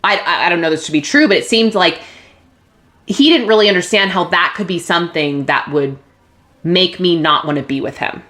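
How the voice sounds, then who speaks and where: A woman's voice: on the low side, normal speed. Woman telling a raw personal story. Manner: vulnerable, emotional, with restarts and soft laughs. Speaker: podcast host.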